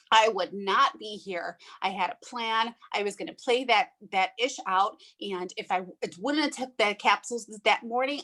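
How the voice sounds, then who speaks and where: A woman's voice: fairly high pitch, a bit bright. Fervent woman giving a motivational talk. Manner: fervent, preachy, blunt with mild swearing. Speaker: motivational group host. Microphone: video call.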